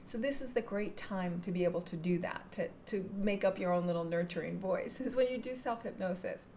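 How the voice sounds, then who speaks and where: Woman calmly explaining self-hypnosis, gentle voice, bit of faint hiss behind her. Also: mid-range voice, a little fast. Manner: calm, gentle, drops into soft whispers to demonstrate. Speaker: hypnotherapy and NLP teacher. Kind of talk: instructional talk to camera.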